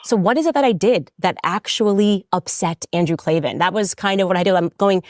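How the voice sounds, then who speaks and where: A woman's voice: medium pitch, a little fast, few pauses, no echo, clean studio sound. A woman in a played clip, arguing her case indignantly with pointed rhetorical questions. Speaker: commentator defending herself.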